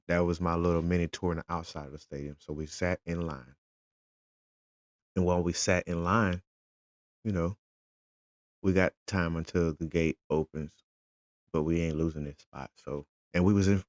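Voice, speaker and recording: A man's voice: low voice, normal speed, pauses often, no room sound. A father, casually retelling his day as a fan and acting out the conversations he had. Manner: animated, retells conversations in quotes. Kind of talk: casual storytelling vlog.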